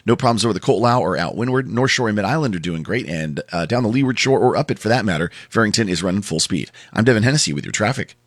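A man's voice: on the low side, lively intonation, fast talker, hardly any pauses. A man giving a live radio traffic report, easygoing with fillers.

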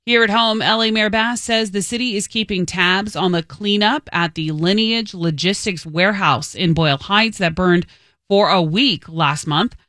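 Woman news anchor, steady and crisp, middle pitch, dry studio sound. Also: normal speed, no echo. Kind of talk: newscast reading. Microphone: studio mic.

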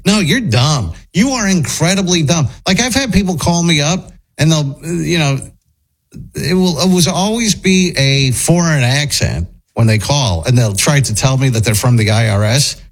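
A male talk-show host with a somewhat high voice tells stories in a mocking, incredulous way. He banters loosely with his co-hosts. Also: animated, moderate pace, husky, low-quality recording.

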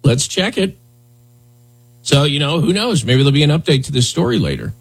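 A man's voice: fairly high pitch, expressive, brisk, gravelly, husky, rough recording. A man hosting a morning radio show, talking loosely with a joking, sarcastic edge. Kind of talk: casual morning radio talk. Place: radio studio.

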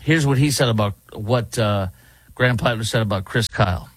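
Indignant talk radio host. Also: male voice, on the low side, normal speed, a bit bright, no echo. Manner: indignant, rambling with fillers. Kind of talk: opinionated commentary. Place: studio in Dallas.

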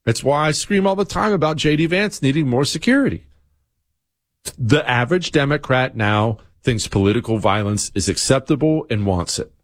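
Emphatic man with a lively, swinging pitch. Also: normal speed, no room sound. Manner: emphatic, repeats phrases for stress. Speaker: political talk show host. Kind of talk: opinionated monologue.

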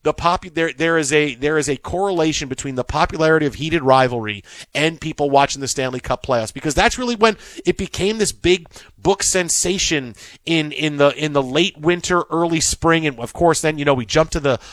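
A man's voice: fairly high pitch, a little fast, a bit bright, dry recording. A man hosting a sports talk show, rambling and joking, repeating words as he goes.

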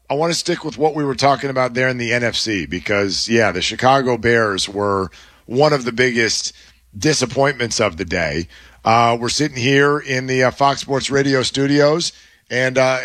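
A man hosting a sports radio show in a studio, talking through the week's games with a co-host in an animated, analytical way. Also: medium pitch, no room sound. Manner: animated, analytical, quick back-and-forth. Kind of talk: sports talk radio chat.

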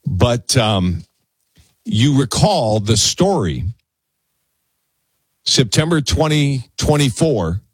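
Speaking slowly and pausing often, this male talk radio host has a medium-pitched, slightly rough voice with no room sound. He chats conversationally into a studio broadcast microphone, stammering and repeating words as he gets worked up.

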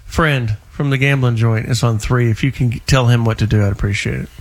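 A man's voice: mid-range voice, steady tone, fairly quick. A male radio host taking calls and joking with guests on a call-in show.

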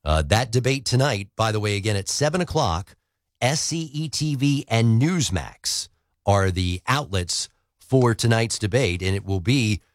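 A man's voice: lowish voice, animated, measured pace, dry recording, clean studio sound. A man hosting morning news radio, talking conversationally with small fillers.

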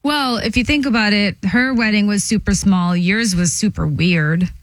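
A woman co-hosting a radio show who teases the others in casual banter. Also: medium pitch. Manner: teasing, quick to poke fun.

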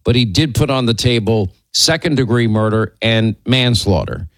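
A man hosting a political commentary show, talking in a sardonic, rambling way with quick asides. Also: mid-range voice, animated, no room sound. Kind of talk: casual opinion commentary.

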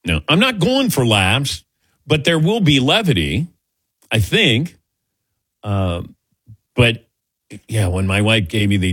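Lively husky middle-aged man. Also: fairly low pitch, slow pace, pauses often, dry recording, clean studio sound. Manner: rambling, self-mocking, animated storytelling. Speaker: guest answering audience questions. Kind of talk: casual Q&A.

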